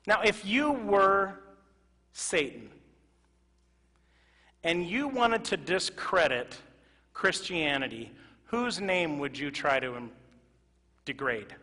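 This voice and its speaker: A male pastor preaching a sermon to his congregation, moving from loud emphatic exclamations to quiet, earnest asides. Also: high voice, lively intonation, takes it slowly, long pauses. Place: church sanctuary. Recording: reverberant church hall.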